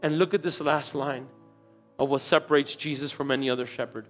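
A male pastor preaching a sermon in a church, telling a story with dramatic swings between quiet and loud. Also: mid-range voice, steady tone, a little fast, soft background music. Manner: storytelling, dramatic shifts in loudness.

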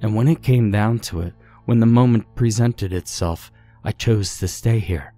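Man voicing a resigned ghost woman, tired and heavy, deep voice, soft music underneath. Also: moderate pace, lightly acted. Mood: weary. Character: weary resigned ghost woman, sad and fearful.

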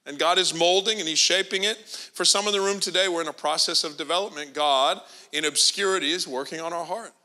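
A man's voice: a little high, a little fast, pushed and bright. A man preaching a sermon, telling a story with humor and acting out the characters' lines. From Canada. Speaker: pastor.

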